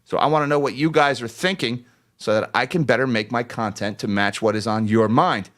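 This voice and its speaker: A man's voice: medium pitch, fairly quick, a bit bright. A man hosts a casual finance livestream, joking and laughing easily as he reads out market closes. He talks to viewers directly, thanking them by name in a loose, chatty way.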